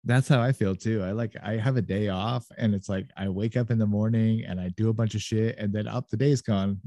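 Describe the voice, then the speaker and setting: Low, mellow, laid-back guest. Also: male voice, fairly even intonation, fairly quick, dry recording, studio quality. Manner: easygoing, laughs often. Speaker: podcast guest. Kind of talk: casual podcast chat.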